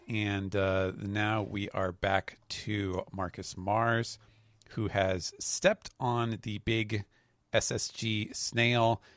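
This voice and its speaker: Low-voiced man recapping a chapter. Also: no room sound, studio quality. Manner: reads quoted lines with animated voices. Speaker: podcast host.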